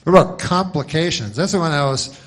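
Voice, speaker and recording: Deadpan rambling stand-up comic, man. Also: on the high side, fast. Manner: deadpan, rambling long setups. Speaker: stand-up comedian. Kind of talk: stand-up comedy monologue.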